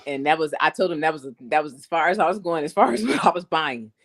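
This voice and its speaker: A woman's voice: low voice, lively intonation, fast, gravelly, a crowd in the background. Chatty woman guest on a stream. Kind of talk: casual chat on a live stream.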